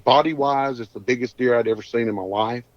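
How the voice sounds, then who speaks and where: A man's voice: mid-range voice, fast talker, no room sound. A man, a podcast guest telling a hunting story in a folksy, rambling drawl. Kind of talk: casual storytelling. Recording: dull dry lo-fi audio.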